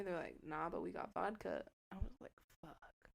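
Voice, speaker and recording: Profane, animated young woman storyteller. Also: on the low side, normal speed, creaky. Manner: profane, animated storytelling with loud acted quotes. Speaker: podcast co-host. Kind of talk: casual storytelling.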